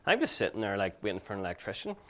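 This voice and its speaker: A male pastor with a fairly low voice preaches a sermon and tells stories along the way. His delivery is conversational and earnest, more like chatting than proclaiming. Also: big pitch swings, racing, bright, forceful tone, slight background noise. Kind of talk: sermon with personal anecdotes.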